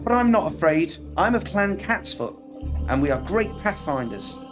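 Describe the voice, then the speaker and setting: A frightened young boy who insists he is not afraid, put on by a man reading a game aloud. The voice sits higher than the reader's own and stays earnest. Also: big pitch swings, moderate pace, over music. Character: scared young boy of a clan, defiant.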